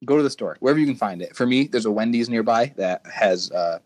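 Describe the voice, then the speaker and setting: A man's voice: medium pitch, lively intonation, fast. A young man co-hosting a podcast, rambling through casual rants with frequent restarts. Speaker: podcast co-host. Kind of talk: casual chat.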